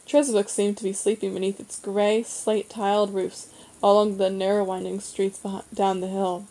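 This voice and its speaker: Woman reader for a children's novel, warm mellow tone, steady measured pace. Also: mid-range voice, low-quality recording. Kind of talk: audiobook reading of a children's novel.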